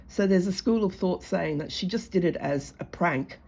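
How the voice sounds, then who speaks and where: A woman's voice: on the low side, moderate pace, few pauses, darkish tone, a little hiss or hum. A middle-aged Australian woman chatting casually to camera in a blunt, sarcastic, mocking way while she makes jewellery. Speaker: jewellery maker and vlogger.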